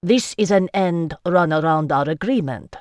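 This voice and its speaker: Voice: mid-range voice, a little slow, dry recording, clean studio sound, close to an everyday voice. Narrator doing a haughty, hot-tempered nobleman. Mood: angry.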